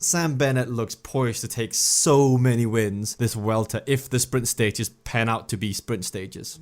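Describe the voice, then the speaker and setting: A man hosting a cycling news show, giving a chatty, enthusiastic recap and analysis of a race stage. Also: medium pitch. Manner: chatty and enthusiastic, with frequent "I mean" asides.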